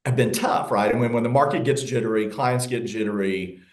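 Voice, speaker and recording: A man's voice: mid-range voice, brisk, echoey room. A man with a Southern US accent, a real estate agent talking casually in an interview, repeating words and laughing often. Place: Los Angeles.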